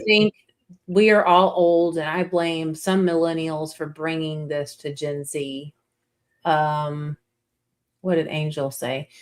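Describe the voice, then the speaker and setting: A middle-aged woman hosting a casual chat, talking bluntly and emphatically with frequent swearing. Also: on the low side. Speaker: podcast host.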